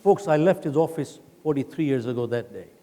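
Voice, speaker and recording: A man's voice: medium pitch, lively intonation, a little fast, dark tone, slight background noise. An older man giving a motivational keynote speech, telling a story with acted quotes. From India. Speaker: keynote speaker. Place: large conference hall. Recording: long hall reverb.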